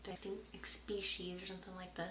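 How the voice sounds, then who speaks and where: A woman's voice: fairly low pitch, monotone, fairly quick, fairly bright tone, a little hiss or hum. A woman answering viewer questions in a casual, rambling vlog, sometimes dropping to a whisper. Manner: rambling, chatty, drifts into whispers at times. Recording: roomy echo.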